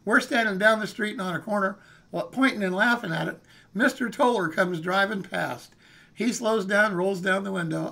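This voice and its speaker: A man's voice: sits high, normal speed, vocal fry, bright, forceful tone. A man, telling a story on a live stream in a folksy, rambling way and often saying "hey" and "man". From California, USA. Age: 60s. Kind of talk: casual storytelling.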